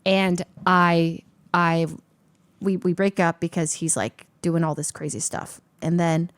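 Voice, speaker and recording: A young adult woman, a streamer, telling a personal story in an animated, chatty way, full of fillers. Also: fairly low pitch, measured pace, clean tone. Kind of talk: casual storytelling.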